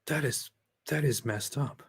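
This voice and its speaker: A man's voice: medium pitch, unhurried, slightly rough, no room sound. A man hosting a live stream, reading out chat messages and reacting to clips with sarcastic, chuckling commentary.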